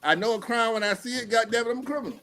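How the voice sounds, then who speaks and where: A man hosting a casual streamed talk show, speaking in an animated, profane way and acting out quotes. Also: extremely high pitch, very fast, soft background music. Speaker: podcast host.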